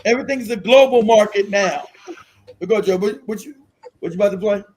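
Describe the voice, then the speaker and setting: High-voiced man ranting on a stream. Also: brisk, a little hiss or hum. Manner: profane, combative ranting, shouts at times. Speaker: streamer host. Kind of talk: ranting live-stream commentary.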